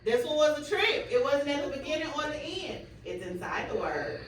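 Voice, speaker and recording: A young woman student teacher leading a class in a phonics drill, with clear, drawn-out prompts and quick praise, recorded in a classroom by a camera at a distance. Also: sits high, very animated. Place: classroom full of children. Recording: echoey, distant classroom recording with background noise.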